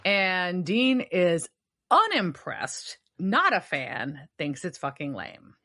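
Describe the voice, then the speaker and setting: A woman's voice: fairly low pitch, wildly swooping pitch, takes it slowly, a bit bright. A woman co-hosting a podcast who recaps an episode casually, swearing freely and acting out the characters' lines. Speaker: podcast co-host.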